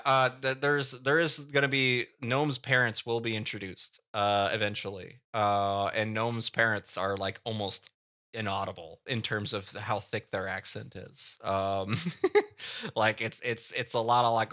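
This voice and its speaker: A man with a Midwestern accent rambles casually to his stream audience, often stalling and repeating words mid-thought. His voice sits somewhat low, with a bright, forceful edge. The sound is muffled and lo-fi. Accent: Midwestern American. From American Midwest. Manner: halting, repeats words while thinking aloud. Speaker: live streamer and comic creator. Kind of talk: casual live-stream chat.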